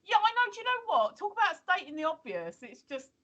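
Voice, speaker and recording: Chatty woman, bright and lively. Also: extremely high pitch, a little fast, dull audio. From England. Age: 50s. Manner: chatty storyteller, lots of ums and restarts. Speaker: co-host. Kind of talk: casual chat. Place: home, streaming.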